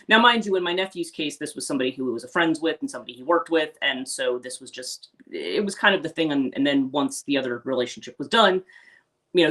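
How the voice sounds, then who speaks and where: A woman's voice: sits low, a bit bright. Woman life coach, chatty and rambling, doing a casual livestream talk. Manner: rambling and chatty, many restarts, acts out quoted voices.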